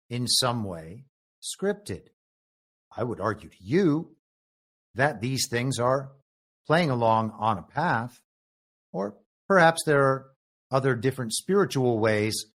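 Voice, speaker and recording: A man's voice: mid-range voice, a bit bright. A man hosting a podcast, giving political commentary in a musing, speculative way, stretching out key words for emphasis. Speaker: podcast host and moderator.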